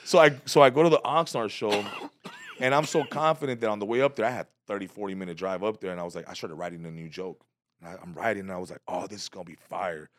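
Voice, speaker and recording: A low-voiced man tells a comedy story in a relaxed, slangy way. He acts out quotes with sudden loud jumps. The sound is dry and close. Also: fast, no echo. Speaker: comedian guest. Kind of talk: casual storytelling in a podcast interview.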